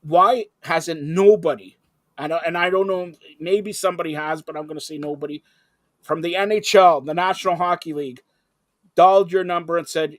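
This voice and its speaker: High-voiced teasing male host. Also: normal speed, dry recording. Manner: playful, teasing, talks over guests. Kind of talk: casual interview chat.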